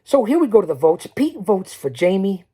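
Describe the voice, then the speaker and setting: A male podcast host giving a boastful solo recap of a tournament. He talks straight to his listeners, urging them to stay, and drops now and then to a low mutter. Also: sing-song, a little fast, dark tone, slightly rough.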